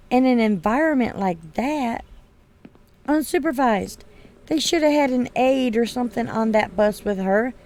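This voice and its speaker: Slow, gravelly-voiced woman telling stories. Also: on the high side, animated, darkish tone. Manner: blunt, swears freely. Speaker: gaming streamer. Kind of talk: casual storytelling over gameplay.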